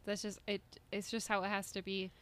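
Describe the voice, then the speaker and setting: Woman cohost talking fast, casual chat, trails off a lot. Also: medium pitch, little pitch movement, fairly bright tone. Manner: quick, trailing off into half-finished sentences. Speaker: podcast co-host.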